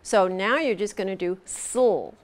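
A patient woman teaches pronunciation in a classroom, speaking slowly and drawing each sound out for her students. She is middle-aged, with a voice of ordinary pitch. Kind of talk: classroom instruction.

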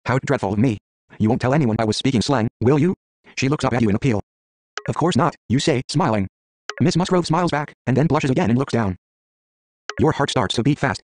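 A man's voice: medium pitch, a little mellow, slight background noise. A man reading an interactive story game aloud, stumbling, restarting, and muttering menu words between lines.

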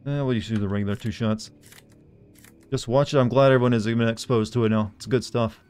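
A man's voice: mid-range voice, fairly even intonation, fairly quick, darkish tone, clean tone, faint music behind. Male streamer, casual rambling talk, mid-range voice, reads game notes aloud.

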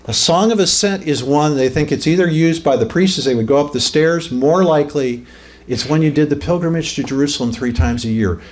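A fairly high-voiced man gives an informal teaching sermon. He talks conversationally, keeps asking his listeners questions, and then builds up to emphatic peaks. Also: brisk, a little mellow. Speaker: pastor.

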